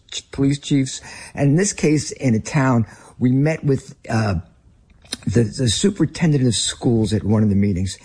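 A man's voice: medium pitch, warm tone, breathy edge. A man with a Northern US accent, a ministry leader and guest, telling an earnest story in conversation. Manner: earnest anecdotal, some restarts.

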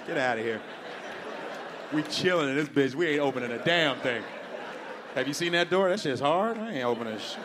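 A man doing a stand-up comedy routine, animated and profane, shouting and laughing in bursts and slipping into high squealing impressions. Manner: slips into high-pitched impressions.

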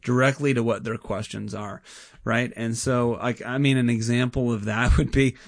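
A man in a mid-range voice, talking as a pastor in a relaxed conversation. His delivery is earnest and animated, full of quick fillers and restarts. The sound is dry and close, with no room around it. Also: mid-range voice, gravelly, no room sound. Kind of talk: casual conversation.

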